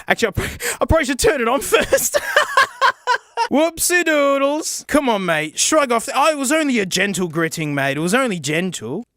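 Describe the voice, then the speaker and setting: An excitable, sarcastic man reviewing a gadget in a casual vlog, often laughing and exclaiming. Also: sits high, moderate pace, dry recording, clean studio sound.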